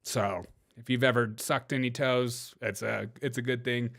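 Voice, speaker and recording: A man's voice: medium pitch, steady tone, normal speed, creaky, a bit bright. A man hosting a livestream of comedic political commentary, brash and sarcastic, laughing often and talking to his chat. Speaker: livestream host.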